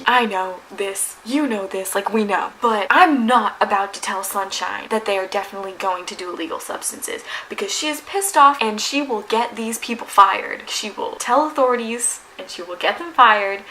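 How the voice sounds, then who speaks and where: A woman's voice: fairly high pitch, a little hiss or hum, low-quality recording. A young woman vlogger dramatically retelling a story, peppered with "like". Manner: animated, dramatic retelling with frequent "like". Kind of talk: storytime narration.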